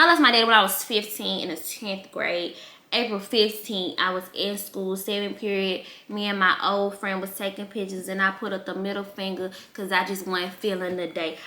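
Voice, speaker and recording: A woman's voice: mid-range voice, normal speed. Candid young woman in an echoey room. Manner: candid, emotional, animated quoting of relatives. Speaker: vlogger. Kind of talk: casual storytelling.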